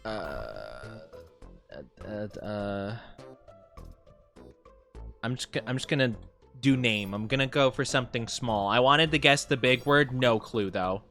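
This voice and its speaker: A young man streaming a word game in casual chat. He rambles excitedly, laughs often and jokes at his own expense. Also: mid-range voice, takes it slowly, long pauses, faint music behind.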